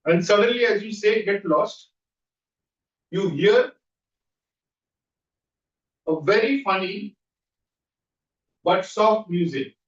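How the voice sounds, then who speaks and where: A man leading a guided visualization exercise as a trainer, coaching with quick repeated questions. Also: sits high. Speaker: NLP trainer. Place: training room. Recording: dull echoey room audio from far off.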